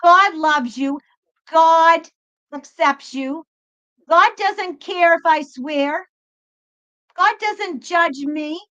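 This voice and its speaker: Blunt, swearing woman with a bright high voice. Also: very slow, long pauses. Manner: blunt and profane, emphatic, swears freely. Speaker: tarot reader and spiritual channel host. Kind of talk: spiritual pep talk, unscripted. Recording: slightly dull lo-fi sound.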